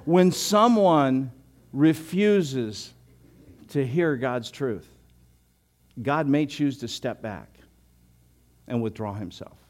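A man's voice: mid-range voice, takes it slowly, long pauses. An older man preaching a sermon as a pastor, telling stories with chuckles and frequent word restarts. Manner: storytelling with chuckles, animated and loud in anecdotes; repeats words, restarts.

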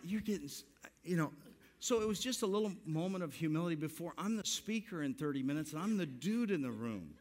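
A pastor in his sixties telling a self-mocking story in a sermon, animated and laughing through his lines. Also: fairly high pitch, a little fast. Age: 60s.

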